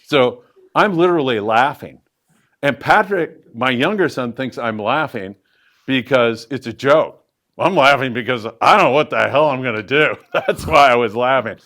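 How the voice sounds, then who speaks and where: Middle-aged man telling lively fishing stories. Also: moderate pace. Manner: lively anecdotal storyteller with loose fillers, pitch jumping up for emphasis. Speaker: fishing show host answering audience questions. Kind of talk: live Q&A storytelling. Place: event room with a live audience.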